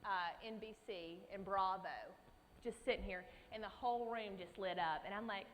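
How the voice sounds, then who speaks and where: A young woman from Alabama with a Southern accent, telling an animated story at a conference and acting out her own reactions with big leaps in pitch. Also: moderate pace. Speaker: conference speaker. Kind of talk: storytelling keynote talk. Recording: speech in a large hall with faint background noise.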